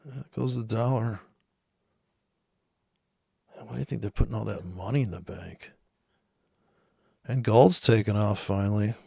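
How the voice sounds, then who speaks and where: A man's voice: on the low side, measured pace, creaky, long pauses, slightly rough, no echo, clean studio sound. A man giving rambling, sarcastic, profane commentary on forex charts. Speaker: forex trader. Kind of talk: casual screen-share trading commentary.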